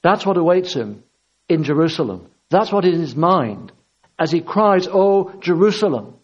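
A man's voice: on the high side, big pitch swings, normal speed, breathy edge. A man preaching a sermon with impassioned, repetitive emphasis. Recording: dull lo-fi recording.

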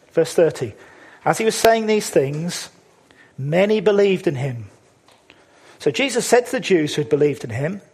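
A man preaching a sermon, emphatic, with many rhetorical questions and words slowed for stress. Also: high-pitched, slightly rough.

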